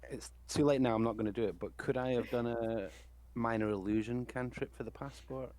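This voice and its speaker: A man's voice: medium pitch, steady tone, fairly quick, a little mellow, no echo. A man playing a tabletop game who floats ideas offhandedly and then drops them. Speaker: player.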